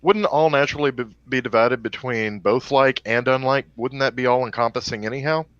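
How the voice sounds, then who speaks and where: A man's voice: medium pitch, fairly even intonation, fairly quick, a bit bright, no room sound, highs cut off. A man co-hosting a casual chat, blunt and profane with a dry, sarcastic wit. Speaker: co-host.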